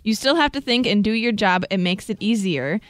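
A woman's voice: mid-range voice, lively intonation, a little fast, no echo. Dry-voiced female radio co-host. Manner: laughs often, dry short replies. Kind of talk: casual radio banter. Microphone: studio microphone.

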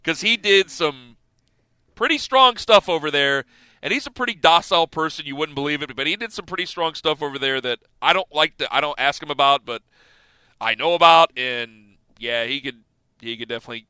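A man in his thirties hosting sports radio, telling a story in a casual, animated way and acting out the scenes. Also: fairly high pitch, a little fast, clear, resonant tone, dry recording. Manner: animated, laughing storyteller who acts out scenes.

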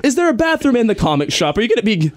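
A guest pro wrestler chats casually on a podcast in a very high-pitched, rapid-fire voice. He tells stories in an animated way, packing his talk with fillers and laughs.

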